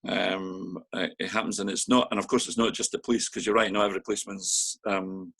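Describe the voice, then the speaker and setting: An older man, a council chief executive, talking in a casual interview with many pauses, fillers and restarts. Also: deep voice, fairly even intonation, gravelly, a bit bright.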